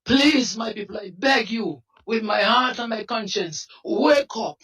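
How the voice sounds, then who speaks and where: A man with a Dominican accent, a protest leader giving an impassioned interview with fiery, preacher-like appeals and bursts of shouting. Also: high-pitched, unhurried. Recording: distant mic.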